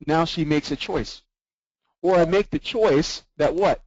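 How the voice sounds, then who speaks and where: A man's voice: fairly high pitch, unhurried, darkish tone, no echo, highs cut off. Man coaching a sales team by webinar. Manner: keeps checking in with the group through rhetorical questions. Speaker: sales trainer.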